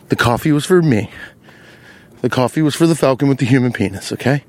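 A man strolls by a lake telling a meandering, foul-mouthed comic tale, lively in delivery and punctuated by loud, high-pitched asides. He talks fast, and the recording sounds dry.

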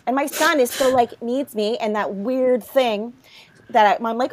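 A woman, telling funny parenting stories on a podcast and loudly mimicking her young son. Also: on the high side, unhurried. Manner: animated, swings into loud mimicking of her son. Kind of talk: casual comedic storytelling.

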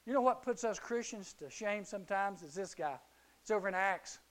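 A man with a high voice delivers a youth sermon. He tells the story animatedly, slipping into different characters and rising to shouts at the peaks. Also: expressive, fairly quick. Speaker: youth preacher.

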